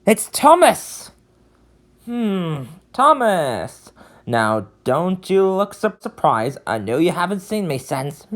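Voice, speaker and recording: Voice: mid-range voice, very animated, takes it slowly. A performer voicing a carefree, beach-loving young male conductor in a fan redub, with a laid-back, slangy delivery.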